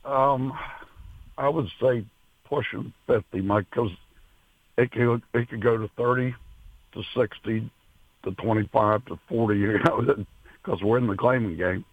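Gravelly-voiced man on a tinny phone line. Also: medium pitch, dry recording. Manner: halting, with many fillers and restarts. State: emotional. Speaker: racehorse owner, guest. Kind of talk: interview over the phone. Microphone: telephone.

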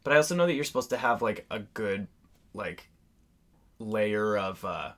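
A man's voice: lowish voice, animated, normal speed, a bit bright. A man co-hosting a podcast, musing and rambling in casual conversation with many fillers. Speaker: podcast co-host. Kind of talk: casual chat.

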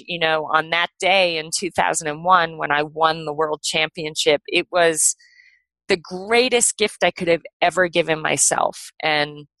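A middle-aged woman, a podcast guest, telling a personal story in a casual, animated way with lots of "like" and "you know". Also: low voice, no echo, rough recording.

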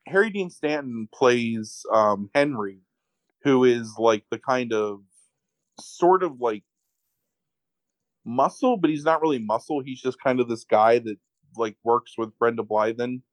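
A man casually recapping a movie plot on a podcast, swearing freely and telling it with lively energy. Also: mid-range voice, measured pace, no room sound, low-quality recording. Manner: profane, animated retelling with acted quotes. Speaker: podcast co-host.

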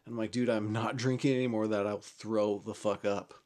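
A man's voice: on the low side, fairly even intonation, a little fast, darkish tone. A man casually telling a personal story, rambling and swearing, with frequent restarts and chuckles.

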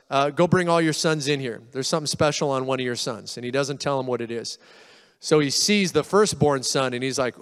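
A male pastor preaches in a loose, conversational storytelling style, slipping into the voices of the people he describes. His voice sits a little high and comes through smooth and resonant. A long reverb trails after him, as in a big church hall. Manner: casual storytelling, acts out quoted voices. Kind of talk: sermon.

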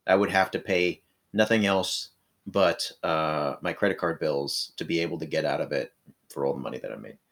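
A man's voice: rumbling low, moderate pace, vocal fry, fairly bright tone. A man from Illinois telling his own story as an interview guest, in a reflective and meandering way. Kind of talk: casual personal storytelling.

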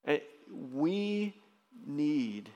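A man preaching a sermon as pastor, emphatic, often jumping into loud, high bursts. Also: sing-song, extremely slow, dull audio. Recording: long reverb of a large hall.

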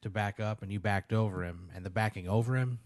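A man hosting a podcast, telling an absurd story in a rambling, deadpan way with many fillers. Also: lowish voice, a little fast, no echo. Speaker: podcast host. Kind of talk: casual comedic storytelling.

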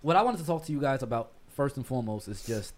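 A man's voice: medium pitch, lively intonation, quick pace. A man hosting a casual podcast chat, talking in a laid-back, slangy, storytelling way. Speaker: podcast host.

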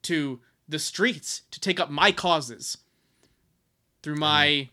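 A man's voice: fairly high pitch, slow, sharp tone. A man co-hosting a podcast in casual chat, rambling and sarcastic with mock-dramatic swings and frequent swearing. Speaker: podcast co-host.

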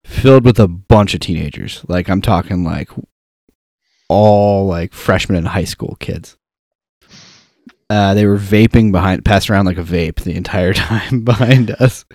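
Young male co-host, lowish voice, dry close recording, lively anecdotal delivery. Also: a little slow, no echo. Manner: animated storyteller who acts out quotes. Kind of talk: casual chat.

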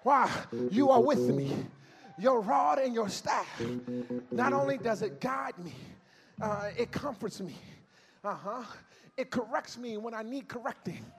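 A man preaching a sermon in a church, chanting lines in a sing-song way, rising to shouts and falling to soft murmurs as he leads the congregation. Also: very high-pitched, animated, a little slow. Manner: sing-song call-and-response preaching, swells to shouts then drops to near murmurs.

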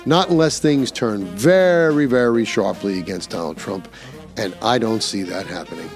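A man's voice: lowish voice, moderate pace, gravelly, over music. An older man hosting a podcast, delivering an emphatic, scornful opinion monologue. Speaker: podcast host.

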